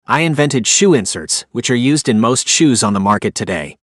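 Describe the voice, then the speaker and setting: A man's voice: mid-range voice, animated, moderate pace, no echo, clean studio sound, natural voice. A man voicing a friendly, easygoing self-made inventor from Kentucky in an audiobook.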